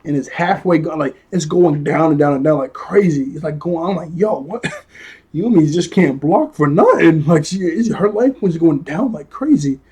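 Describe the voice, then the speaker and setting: A man's voice: on the high side, lively intonation, moderate pace, a little mellow, slightly rough. A young man casually recapping a cartoon episode in a rambling, slangy way, often laughing and correcting himself. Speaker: episode reviewer.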